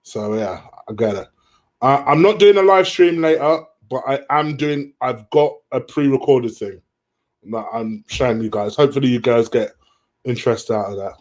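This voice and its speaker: A man's voice: medium pitch, moderate pace, darkish tone. A man hosting a casual live stream, reading viewers' questions aloud and answering them in a chatty way.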